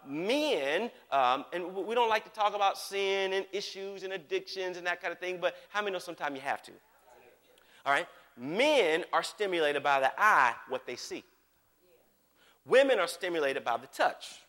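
At normal speed, a high, bright-voiced male preacher gives a lively sermon, drifting into quiet asides and then building to shouts. A long hall reverb carries his words, and he animatedly keeps asking if his listeners are with him.

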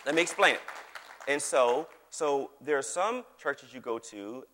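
A man's voice: mid-range voice, a bit bright. A man preaching a sermon as pastor, folksy and joking, calling on the congregation to answer back. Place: large church hall. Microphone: microphone on stage. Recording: long hall reverb.

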